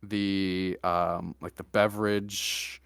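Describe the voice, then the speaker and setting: A young man hosting a podcast, telling a story in a deadpan, joking way with mock-serious asides. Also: low voice, slow, smooth, no echo, studio quality. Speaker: podcast host. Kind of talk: casual storytelling chat.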